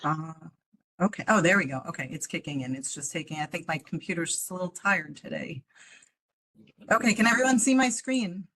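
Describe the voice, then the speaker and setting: A woman's voice: lowish voice, animated, fairly quick, a bit bright, poor audio. A woman auditor presenting a report to a board over a video call, explaining step by step with frequent "um"s. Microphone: computer mic on a video call.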